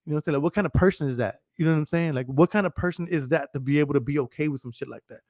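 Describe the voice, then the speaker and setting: A man's voice: on the high side, animated, quick pace, darkish tone, dry recording, clean studio sound. A man hosting a podcast, ranting casually and profanely, rambling and laughing often as he talks. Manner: profane, rambling, laughs often, repeats "you know what I'm saying". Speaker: podcast host.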